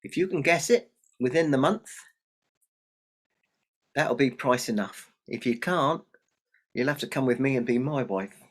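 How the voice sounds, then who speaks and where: Narrator as a sly bargaining imp, pitched up slightly, husky. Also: male voice, expressive, a little slow, long pauses. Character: sly little male imp, bargaining and cocky.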